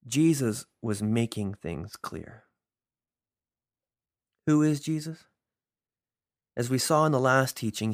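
A man's voice: mid-range voice, no room sound, clean studio sound. A man preaching a sermon, reading scripture and telling it as a vivid, emphatic story.

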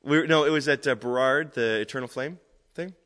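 A man giving a conversational, animated sermon as a preacher. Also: mid-range voice, a little fast. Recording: echoey hall.

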